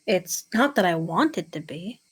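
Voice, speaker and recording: A woman's voice: fairly low pitch, expressive, normal speed, breathy edge, voice pushed down. Woman reading an earnest young man.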